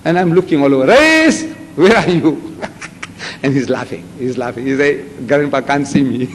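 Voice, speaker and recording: This Islamic lecturer, an older man with a South African Indian accent, addresses a public audience in a mid-range voice at a moderate pace. He brings stories to life by voicing characters and letting his shouts rise. The recording has an echoey hall sound with faint noise behind it.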